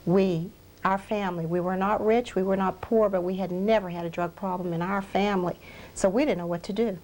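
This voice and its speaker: A woman's voice: medium pitch, steady tone, a little fast, darkish tone, rough recording. A woman minister giving a heartfelt, emotional testimony in an interview, earnestly repeating phrases for emphasis. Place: research center.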